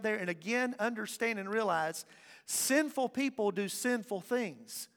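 A man preaching a sermon as pastor, impassioned, swinging from loud declarations to hushed asides. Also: high voice, animated, unhurried. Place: church sanctuary. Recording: reverberant church hall with faint music.

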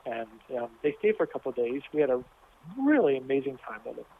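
A man reminiscing thoughtfully in an interview, relaxed and unhurried. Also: mid-range voice. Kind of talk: reflective interview chat. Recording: tinny phone-like recording.

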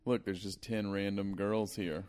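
A man's voice: lowish voice, flat delivery, unhurried, a little mellow, clean tone. A man co-hosting a podcast in casual chat, making dry, profane quips. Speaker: podcast co-host.

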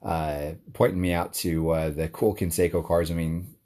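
A man's voice: low-pitched, fairly even intonation, normal speed, mellow. A man talking casually and enthusiastically to his audience, rambling with lots of fillers and restarts. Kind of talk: casual monologue.

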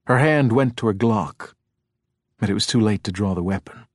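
A man giving scripted audiobook narration in a steady, even storytelling manner. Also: on the low side, normal speed, dry recording, clean studio sound.

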